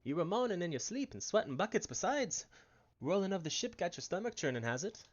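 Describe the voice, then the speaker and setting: A man's voice: sits high, sing-song, fairly quick, dull audio. A man doing Brennan, folksy ship peddler. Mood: chatty. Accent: attempted Irish, drifting. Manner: folksy, slangy, wavering accent. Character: chatty male ship merchant, folksy. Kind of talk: reading game dialogue aloud.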